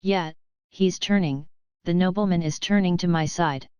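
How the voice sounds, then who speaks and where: A woman narrating a fantasy audio novel in the first person, her inner thoughts often flustered and breathless. Her voice sits fairly low and sounds very smooth and clear. The recording is dry and close, with no room around it. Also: normal speed, a little mellow, dry recording.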